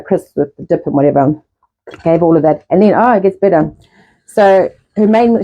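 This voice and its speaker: Middle-aged woman rambling on a live stream, swears a lot, mellow voice, kinda muffled lo-fi audio. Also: lowish voice, a little hiss or hum. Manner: fast, rambling talk with heavy swearing. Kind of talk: casual live-stream chat.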